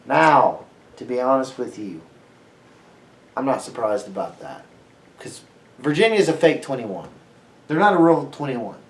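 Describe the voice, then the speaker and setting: A young man co-hosting a sports podcast, ranting loudly with plenty of swearing. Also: medium pitch, sing-song, a little slow, pauses often, reverberant. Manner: brash, ranting, heavy swearing. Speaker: podcast co-host. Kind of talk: profane sports podcast banter.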